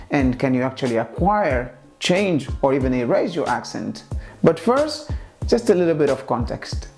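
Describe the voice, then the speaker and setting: A man's voice: a little high, a little mellow. A man hosting an educational video, narrating a scripted explanation and asking rhetorical questions. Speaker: host.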